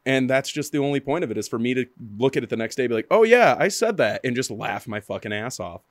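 A man's voice: medium pitch, steady tone, quick pace, no room sound, clean studio sound. A man from Michigan in a casual chat, laughing often and packing his sentences with "like". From Michigan, United States.

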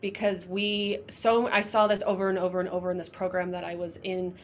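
A woman's voice: lowish voice, level tone, a little fast, a little hiss or hum. A woman guest in a casual interview, effusive and emotional as she talks. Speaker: podcast guest, coach.

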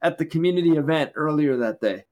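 A man co-hosting a podcast, telling a testimony story in conversation with animated, lively retelling. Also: a little high, fast. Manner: animated, excited retelling with acted quotes. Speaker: podcast co-host.

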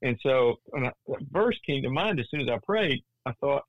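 A man's voice: medium pitch, normal speed. A man in his sixties tells a story earnestly as an interview guest, stumbling and restarting his sentences and lifting his voice at the tense parts. The sound is dull and lo-fi, with no room echo. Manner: animated, many restarts, voice rising in tense moments. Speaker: guest, Christian author.

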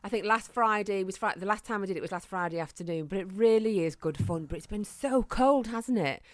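A woman's voice: medium pitch, a little fast, dry recording. A middle-aged woman co-hosting a podcast, telling jokey stories in casual chat. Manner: chatty, jokey storytelling. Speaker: podcast co-host.

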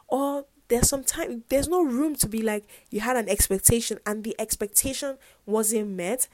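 Her voice sits on the high side, warm and echo-free, and she talks at a moderate pace with hardly any pauses. This twenty-something university student earnestly reflects on her faith in a casual vlog, rambling with plenty of "like" and "whatnot."

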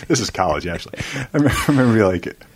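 A man's voice: lowish voice, noisy background. A man in his forties, a lawyer hosting a casual chat, rambling through stories with quoted asides. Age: 40s. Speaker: lawyer and podcast host.

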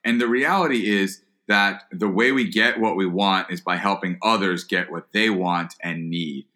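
At normal speed, a man with a low, pushed and bright voice gives an earnest podcast interview answer about leadership and listening. He's a guest who is an entrepreneur and author, and he frequently repeats words at the start of phrases.

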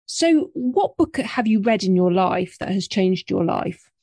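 A woman's voice: mid-range voice, lively intonation, a little slow, gravelly, a little mellow, dry recording. A woman hosting an interview podcast, encouraging and upbeat as she asks her guest questions. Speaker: podcast host. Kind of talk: interviewing, conversational.

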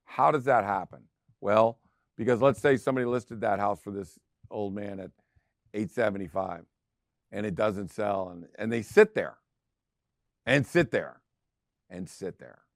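A middle-aged real estate show host delivers a casual monologue, repeating himself emphatically to land his points. His lowish, creaky voice moves at a measured pace with long pauses, captured at studio quality with no room sound.

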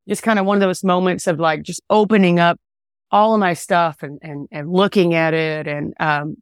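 Woman, country singer-songwriter, smooth clear voice, lowish pitch, dry close sound, rambling chat. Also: no echo. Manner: relaxed, rambling, many fillers and restarts. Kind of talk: casual interview chat.

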